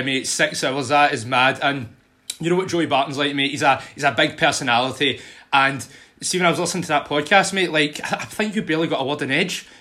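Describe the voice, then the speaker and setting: A man's voice: a little high, pushed and bright. A man hosting a podcast, chatting casually and calling his guest "mate" in nearly every line. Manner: casual and friendly, keeps saying "mate". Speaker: podcast host. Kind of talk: casual interview chat.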